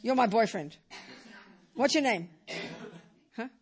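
A woman's voice: a little high, takes it slowly. Joking woman giving a Buddhist talk. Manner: lively, joking, repeats words for emphasis. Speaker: Buddhist teacher. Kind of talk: Buddhist dharma talk to a live audience. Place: teaching hall with audience.

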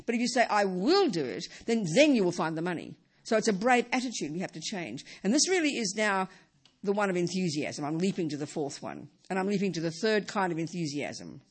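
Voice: medium pitch, breathy edge. A middle-aged Buddhist teacher giving a dharma talk, emphatic and repeating key phrases.

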